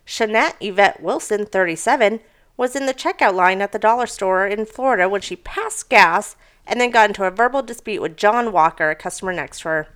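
Here a young woman co-hosts a relaxed podcast, chatting and reading odd news items. She tells the stories with energy and swears without restraint, her mid-range voice smooth, fairly bright and fairly quick.

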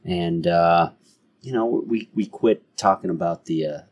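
A man co-hosting a podcast in casual chat, excitable and full of questions. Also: sits low, measured pace. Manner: excitable, asks questions, loud laughs. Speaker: podcast co-host.

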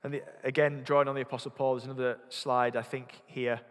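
A man's voice: mid-range voice, level tone, fast talker, a bit bright. A man with a Yorkshire accent preaching a sermon, earnest, repeating words as he thinks and putting questions to the congregation. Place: church. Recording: long hall reverb.

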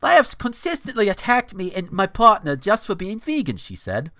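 A man's voice: high-pitched, huge pitch swings, moderate pace, a bit bright, no room sound, studio quality, pitched above the performer's own voice, heavily acted. A man voicing an indignant young vegan bride in a shaky attempted Australian accent, whiny and self-righteous. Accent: attempted Australian woman.

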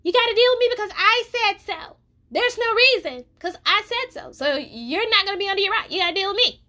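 Woman mocking a squeaky bossy clingy friend. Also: animated, fast, dark tone. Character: pushy clingy female friend, bossy and insistent.

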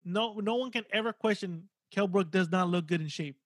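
A man's voice: high-pitched, moderate pace, no echo. A man co-hosting a boxing podcast, going through a fighter's record in casual, rambling talk with some swearing. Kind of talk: casual chat.

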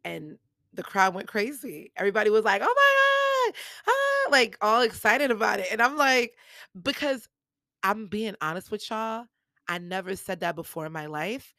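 A woman's voice: mid-range voice, expressive, normal speed, bright, forceful tone, dry recording. A woman hosting her own podcast, telling a story casually and acting out the people she quotes with big jumps in her voice, recorded on a podcast mic. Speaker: podcast host.

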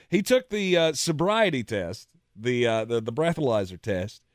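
A man's voice: mid-range voice, very animated, normal speed, hardly any pauses, dry recording, clean studio sound. Chatty laughing male podcast host. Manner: chatty storyteller, laughs often. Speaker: sports talk show co-host. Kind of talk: casual podcast banter.

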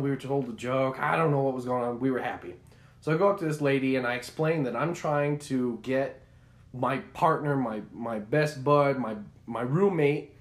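A young man co-hosting a podcast, telling a story in an animated, rambling way with many restarts. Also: mid-range voice. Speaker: podcast co-host. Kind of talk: casual chat.

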